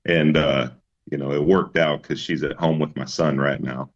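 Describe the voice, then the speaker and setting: A man's voice: rumbling low, steady tone, moderate pace, lo-fi sound. A man, a musician guest, telling his story in an easygoing interview chat with many fillers and restarts.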